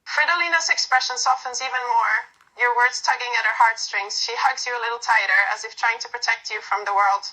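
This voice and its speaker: A woman narrating a second-person romantic story in a soft, unhurried reading with small slips. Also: a little high, faint music behind, low-quality recording.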